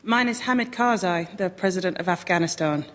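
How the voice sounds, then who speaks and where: A woman as a guest on a radio comedy panel show, chatting quickly. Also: on the low side, in a large hall, noisy background.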